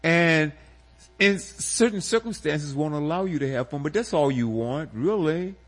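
Playful, husky-voiced male radio host. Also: a little high, expressive, measured pace, fairly bright tone. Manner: jokey, theatrical, laughs easily.

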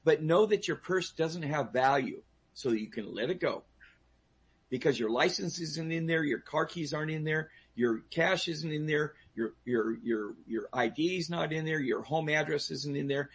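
A man's voice: fairly high pitch, moderate pace, slightly rough. A man speaking as a guest on a talk show, giving personal safety advice with emphatic restarts and questions aimed at the audience.

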